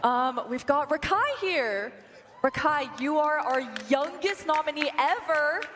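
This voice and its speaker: A woman works a red carpet, firing scripted jokes at the guests. Her voice sits a little high, and she stresses words in odd places. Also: a little slow, a bit bright, a little hiss or hum. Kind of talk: scripted interview banter.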